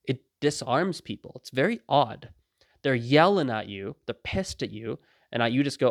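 Clean studio sound and a dry recording frame a man of medium pitch speaking a little fast. Hosting a podcast, he chats casually, acts out the voices in his tales with animation, and laughs often.

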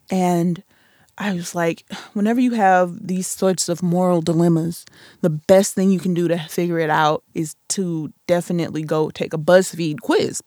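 A woman's voice: on the low side, fairly even intonation, normal speed, mellow, no echo, studio quality. A woman in her twenties hosting a solo podcast, chatting casually and playfully with self-mocking asides. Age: 20s. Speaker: podcast host.

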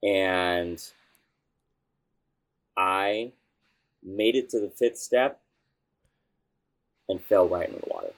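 A young man, a youth pastor, telling a story in a casual interview, animated and excitable, with bursts of shouting. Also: low voice, slow, long pauses.

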